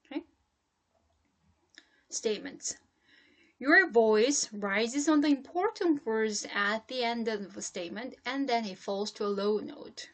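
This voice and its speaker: A woman's voice: a little high, a bit bright. A woman teaching English intonation in a lecture, explaining step by step and checking in often. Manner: explains slowly, with frequent "okay?" checks.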